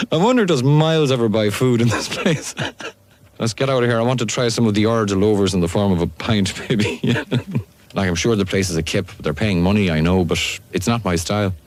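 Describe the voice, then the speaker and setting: A man's voice: on the low side, moderate pace, a little mellow. A man on pirate radio reading a disco ad, mocking it and laughing through his lines. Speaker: radio presenter. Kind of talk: ad script read with joking asides. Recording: noisy old radio tape.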